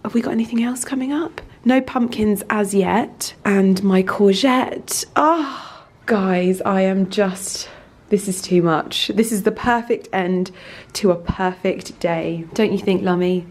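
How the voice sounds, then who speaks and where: A woman vlogging casually in her garden and greenhouse, gushing and excitable, gasping with delight. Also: medium pitch, unhurried. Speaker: lifestyle vlogger. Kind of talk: casual vlog to camera.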